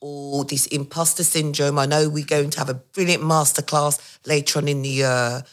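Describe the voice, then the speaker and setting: Woman, brisk, encouraging host. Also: low-pitched, little pitch movement. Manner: quick, encouraging, affirming the guest. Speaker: podcast host. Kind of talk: interview questions.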